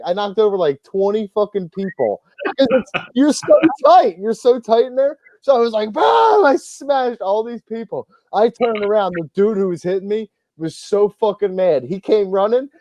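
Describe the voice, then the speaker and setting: A man's voice: sits high, warm tone, dry recording, lo-fi sound. A man hosting a casual wrestling podcast, a profane, rambling storyteller who acts out the people in his stories. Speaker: podcast host.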